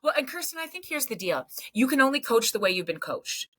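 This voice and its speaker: A middle-aged woman psychologist from Canada, talking energetically on a podcast and breaking into loud acted outbursts. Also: on the high side, a little fast, low-quality recording. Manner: animated storyteller, swings into loud acted outbursts. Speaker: psychologist guest.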